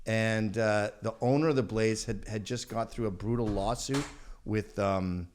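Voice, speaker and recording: A man in his fifties, a podcast guest, telling profane stories in casual chat and slipping into quick character voices. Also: fairly low pitch, steady tone, darkish tone, a little hiss or hum.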